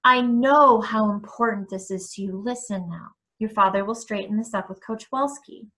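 A woman reading as a gentle apologetic mother. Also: medium pitch, normal speed, lightly acted. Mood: pleading. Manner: soft, pleading, affectionate.

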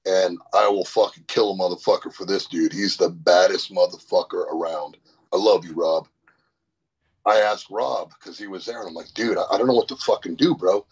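A man guest in a casual interview, telling an animated, profane story about powerlifting. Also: sits low, a little fast, few pauses, husky. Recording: dull lo-fi sound.

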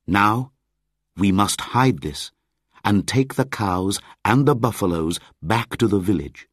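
A man voicing a bold young boy raised by wolves in a storybook reading, calling out in a high, excited voice. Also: slow, slightly rough, dry recording, clean studio sound, exaggerated voice. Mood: firm.

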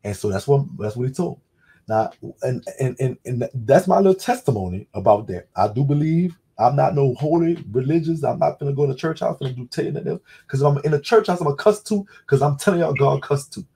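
Gravelly and dark with a breathy edge, this mid-range male voice moves fairly quickly and with animation. He's the host of a laid-back call-in show, speaking with a Louisiana accent and rambling through a personal story full of restarts and frank swearing.

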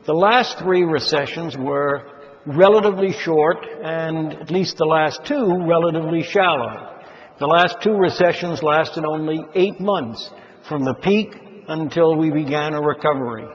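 An older man giving a measured, emphatic lecture on the economy to an audience of investors, stressing key words. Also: on the high side. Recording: dull sound in a large reverberant hall.

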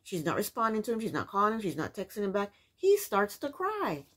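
A woman's voice: medium pitch, huge pitch swings, fairly quick, a bit bright. A woman casually recapping a reality TV episode, with incredulous, opinionated commentary and rhetorical questions.

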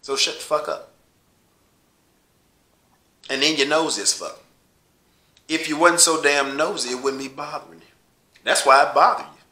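A man from Los Angeles hosting his own rant show, swearing heavily and getting louder and higher as he heats up. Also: moderate pace, echoey room. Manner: swearing, heated, louder and higher when riled. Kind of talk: profane ranting monologue.

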